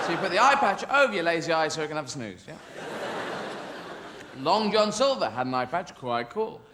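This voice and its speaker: A man's voice: a little high, big pitch swings, brisk, long pauses. A man performing stand-up comedy in a rambling, whimsical way, often breaking off and interrupting himself. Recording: loud background noise.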